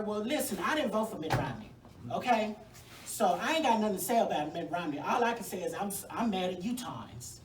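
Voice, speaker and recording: A woman's voice: medium pitch, lively intonation, fairly quick, recorded from a distance. A woman, a congressional candidate giving a sassy, folksy, fired-up campaign speech at a forum. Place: venue hall at a forum. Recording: echoey room, mic from afar.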